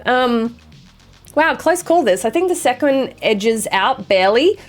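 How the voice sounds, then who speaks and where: A young adult woman streamer chatting casually with her viewers, swearing freely and apologizing quickly. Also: a little high, animated, soft background music. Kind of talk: casual chat reading viewer messages.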